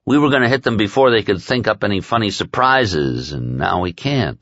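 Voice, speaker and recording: A man's voice: fairly low pitch, lively intonation, normal speed, fairly bright tone, no echo, muffled recording. A man reading aloud and voicing a crude, boozy male henchman who talks in a rambling, profane, folksy way. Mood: griping.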